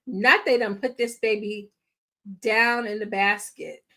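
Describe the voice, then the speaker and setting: A woman hosting a casual movie reaction, talking to her viewers with playful slang and loud exclamations. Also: medium pitch, steady tone, measured pace. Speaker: film reaction host.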